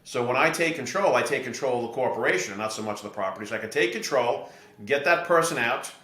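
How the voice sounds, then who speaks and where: A middle-aged man from New Jersey, a podcast guest and real estate investor, explaining his ideas through steady anecdotes. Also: medium pitch, quick pace. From New Jersey, USA. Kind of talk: podcast interview storytelling. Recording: echoey room.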